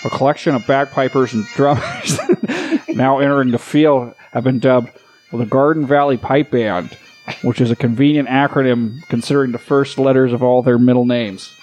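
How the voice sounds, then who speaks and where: A man doing a parody of a pipe band field announcer in a slow, mock-formal delivery. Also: mid-range voice, expressive, darkish tone, soft background music, natural voice, low-quality recording. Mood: mock-solemn. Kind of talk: comedy podcast banter.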